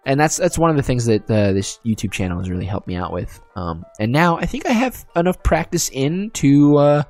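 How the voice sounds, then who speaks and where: A man's voice: medium pitch, sing-song, a little fast, a little mellow, soft background music. A man casually commenting on and reading aloud from a video game, chatty and self-deprecating. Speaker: video game let's-play host.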